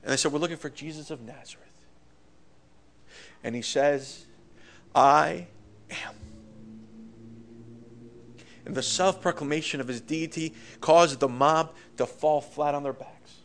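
Man, preacher, sermon, impassioned, volume rising and falling, stammering restarts, fairly high pitch. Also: moderate pace, a bit bright, slight background noise.

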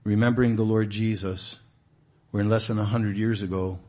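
A man giving an informal, conversational sermon to a church group, asking the listeners questions and stressing points with animated emphasis. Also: on the low side, moderate pace. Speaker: guest preacher. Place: church meeting room.

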